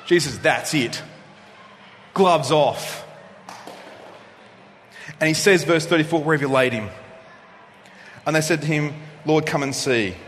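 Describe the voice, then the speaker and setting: A man preaching a sermon in a fairly high voice, rising to loud, emphatic moments and then dropping to hushed ones. His voice carries a long hall reverb, with a faint hiss underneath. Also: brisk. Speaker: pastor.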